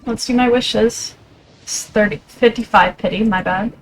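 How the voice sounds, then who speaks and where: A woman's voice: on the high side, moderate pace, slight background noise. A woman streaming a video game, chatting casually while emotional and close to tears, with some swearing. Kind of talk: casual live game commentary. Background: game music.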